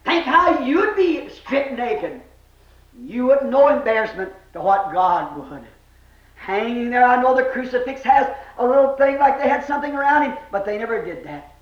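A male preacher delivers an impassioned revival sermon, breaking into shouts and then dropping to hushed, low lines. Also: big pitch swings, normal speed. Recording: echoey, dull old sermon recording.

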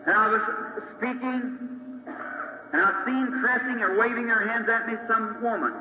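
A man with a high, carrying voice preaches, spinning a dramatic testimony in plain country grammar. The recording is dull and old-sounding, with a long echo from a large hall and a faint hiss behind him. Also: moderate pace. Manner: dramatic storyteller, folksy grammar, acts out quotes. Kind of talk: sermon testimony storytelling.

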